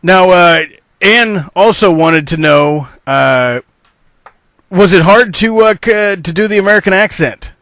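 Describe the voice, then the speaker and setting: A male interviewer asking questions in a halting way, pausing often with "uh". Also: sits high, animated, a bit bright, no echo. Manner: halting, fills pauses with "uh".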